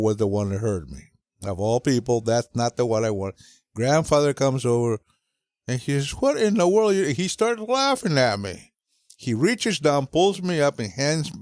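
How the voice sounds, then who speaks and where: A man's voice: mid-range voice, no room sound. An older man telling family stories in a podcast chat. He acts out the voices of the people in his stories. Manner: animated storyteller who acts out voices. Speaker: guest father telling stories. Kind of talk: storytelling chat.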